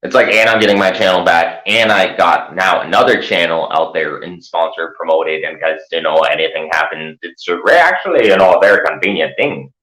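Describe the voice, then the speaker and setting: A man's voice: sits low, brisk, hardly any pauses, pushed and bright, roomy sound, rough recording. A man hosting his own channel, ranting in sarcastic, profane commentary. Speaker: channel host.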